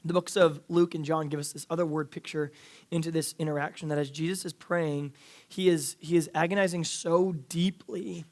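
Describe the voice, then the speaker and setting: A man's voice: fairly high pitch, fairly even intonation, normal speed, darkish tone. A man in his thirties preaching a casual, earnest sermon to a youth group, with lots of fillers and restarts. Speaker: youth pastor. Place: church youth service.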